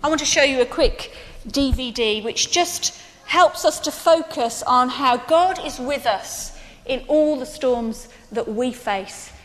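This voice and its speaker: A woman preacher giving a sermon in animated storytelling, turning soft and earnest at key points. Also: sits high, takes it slowly, long reverb tail.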